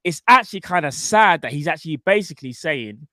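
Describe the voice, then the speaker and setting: A man's voice: a little high, lively intonation, fairly quick, sharp tone, no room sound, studio quality. A man hosting a football fan show, arguing his point emphatically with slang and repetition. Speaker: fan channel host. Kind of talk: impassioned football opinion.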